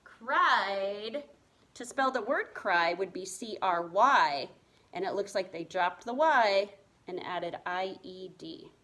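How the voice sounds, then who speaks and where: A woman's voice: on the low side, measured pace, sharp tone. A woman teaching a reading lesson to first graders, spelling words letter by letter in a patient, encouraging way. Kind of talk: remote reading lesson for young children.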